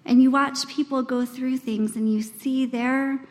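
A high-pitched woman in her forties gives a sermon to a room of women, talking in an earnest, conversational way. She acts out quoted voices with big swings in pitch. The long reverb of a large church hall carries her voice. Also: fairly even intonation, unhurried, a little mellow. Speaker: speaker at a women's church gathering.

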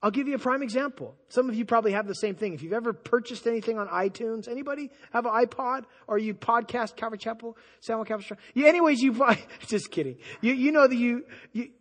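A man preaching a sermon as pastor, conversational and animated, acting out the people he quotes. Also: very high voice, fast talker, hardly any pauses. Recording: long hall reverb.

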